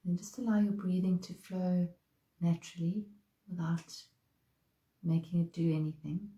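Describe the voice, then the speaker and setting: A woman leads a guided meditation, speaking slowly and softly with a calm, unhurried manner. Her voice is very mellow and warm, a little low. The recording has a roomy echo. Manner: slow, soft, calm guidance. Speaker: meditation teacher.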